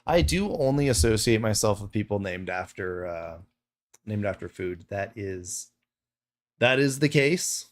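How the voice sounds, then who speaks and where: A man's voice: on the low side, expressive, unhurried. A man streaming a game live, chatting casually with a playful, self-mocking manner.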